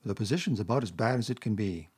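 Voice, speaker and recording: A man's voice: lowish voice, animated, fast talker, darkish tone, slightly rough. A man voicing a homely, blunt male mole who grumbles and talks plainly. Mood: grumpy. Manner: bluff and grumbling.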